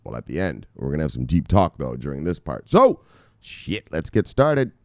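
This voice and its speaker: Hyped-up man shouting and swearing. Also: huge pitch swings, normal speed, no echo, clean studio sound. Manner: shouts bursts of "Bang!", swears, hypes his viewers; swings from loud yells to low mutters. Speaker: crypto news show host. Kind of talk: excitable casual news show with profanity.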